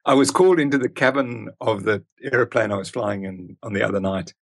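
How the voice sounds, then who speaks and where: Gravelly, husky older man. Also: on the low side, brisk. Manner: emphatic, storytelling. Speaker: guest expert. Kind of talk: conversational interview.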